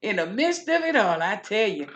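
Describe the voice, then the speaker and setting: A woman's voice: medium pitch, big pitch swings, normal speed, fairly bright tone. A woman voicing a chatty older church lady who rambles, repeats herself and preaches about living right. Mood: folksy preaching. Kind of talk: character monologue.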